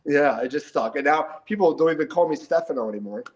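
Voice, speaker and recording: His voice sits on the high side and he talks fast, while the recording has its highs cut off. This middle-aged New Jersey–New York man is a lively guest in a laid-back interview, repeating words and laughing often.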